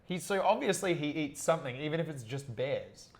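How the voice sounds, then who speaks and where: A man hosting a casual livestream chat, animated and joking, reading out viewer comments as he goes. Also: fairly high pitch, brisk. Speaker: livestream host.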